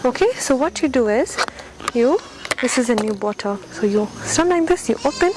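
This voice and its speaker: A woman's voice: on the high side, lively intonation, moderate pace, background noise. A woman teaching children how to use sanitizer and face masks, speaking through a mask, patient and repetitive, checking often that they understood. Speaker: charity volunteer teaching children. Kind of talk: instructing children. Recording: music playing under the speech. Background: loud background music.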